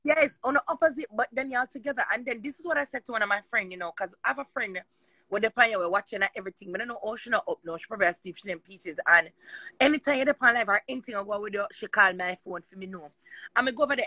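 A woman's voice: mid-range voice, rapid-fire, sharp tone, breathy edge, no room sound. A Jamaican woman talking casually on a live chat, emphatic and rambling.

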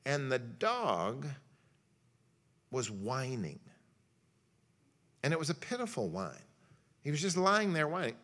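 A man's voice: mid-range voice, wildly swooping pitch, slow, long pauses, fairly bright tone. A man speaking as a pastor at a church luncheon lecture, telling folksy stories and acting out quotes as he makes his point. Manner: folksy storytelling with jokes and acted-out quotes. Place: church hall.

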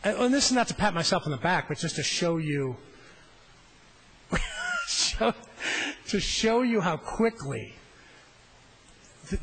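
A man's voice: mid-range voice, fairly bright tone, a little hiss or hum, poor audio. A middle-aged man, a state senator, giving a floor speech in a legislative chamber at a floor microphone, telling a rambling, self-deprecating story.

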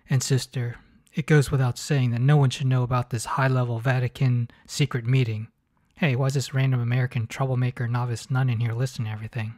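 A man's voice: mid-range voice, little pitch movement, fast talker, darkish tone. A man hosting a comedic movie commentary, mocking the film in a sarcastic tone. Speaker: host.

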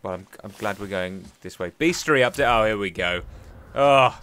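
A man's voice: lowish voice, normal speed, a bit bright, clear, resonant tone. A young man chatting and joking to himself as he plays a video game. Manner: chatty, jokey, talks to himself while playing. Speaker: gaming YouTuber. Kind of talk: gameplay commentary.

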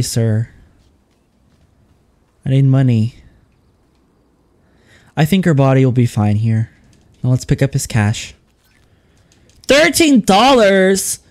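A man giving comedic let's-play commentary, playful and over the top, yelling at game characters. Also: medium pitch. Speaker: gaming YouTuber.

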